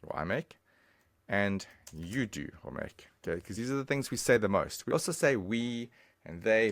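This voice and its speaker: A man's voice: low-pitched, gravelly, a bit bright, no echo. A man giving a casual, chatty online language lesson, talking straight to the viewer. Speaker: language teacher.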